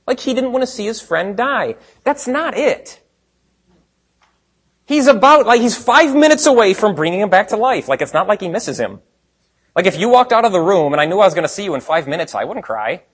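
This pastor's voice is high and husky. His sermon is conversational, full of rhetorical questions, and shifts between soft asides and forceful emphasis.

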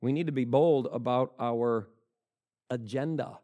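A man preaching a sermon, acting out the people in the story and jumping from calm teaching to loud, high shouts. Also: measured pace. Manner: dramatic, acts out the characters with sudden loud shouts. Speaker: pastor.

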